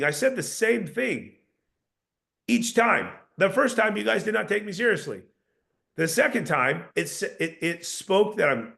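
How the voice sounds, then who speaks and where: A man gives a sales training lesson, coaching his listeners with repeated points and spoken examples of tone. His voice sits a little high for a man and has a gravelly rasp. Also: fairly bright tone. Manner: coaching, repetitive, demonstrates tones.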